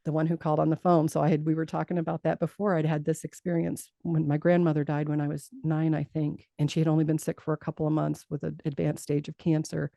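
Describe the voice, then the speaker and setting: Gravelly-voiced woman telling her story. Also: deep voice, no echo. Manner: animated storytelling, acts out quoted voices, laughs often. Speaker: guest. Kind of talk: recounting a personal story in an interview.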